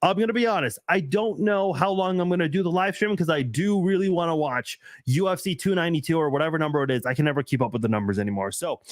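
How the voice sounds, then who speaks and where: A man's voice: a little high, quick pace, hardly any pauses, dry recording, clean studio sound. A young man hosting a casual live stream, reading viewer comments aloud and rambling in a self-mocking way.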